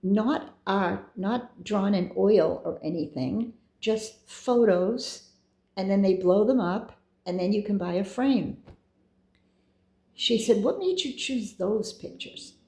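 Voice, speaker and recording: A woman's voice: medium pitch, takes it slowly, mellow, reverberant. A middle-aged woman telling a personal story in a chatty, meandering way, with asides and quoted dialogue. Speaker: storyteller recounting her own experiences.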